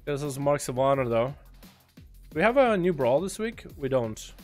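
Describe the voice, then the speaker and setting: A man streaming a game, chatting casually to his viewers, profane and excitable with sudden loud outbursts. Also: mid-range voice, normal speed, faint music behind. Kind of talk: casual livestream commentary.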